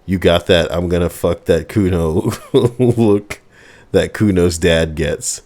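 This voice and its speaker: A man playing a video game, reading its dialogue aloud in a low-key drawl with sighs and cursing. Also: slow, a little mellow. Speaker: let's play gamer.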